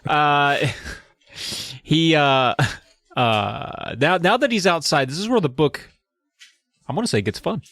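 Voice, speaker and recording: A man co-hosting a podcast, casually recapping a book in an animated way, slipping into quick character voices. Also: a little high, no room sound. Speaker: podcast co-host.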